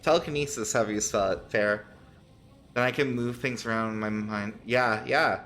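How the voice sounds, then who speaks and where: Guy streamer joking around, teasing his cohost, mid pitch voice, bit of background hiss. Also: fairly even intonation, moderate pace, fairly bright tone. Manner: teasing, joking, laughs often. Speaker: streamer host. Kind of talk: casual live-stream chat.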